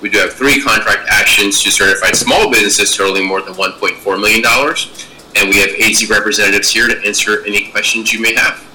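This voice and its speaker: A man's voice: lowish voice, fairly even intonation, background noise. A man who heads a state department presents an agenda report to a public board in a businesslike way, reading off figures. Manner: businesslike, reads figures briskly.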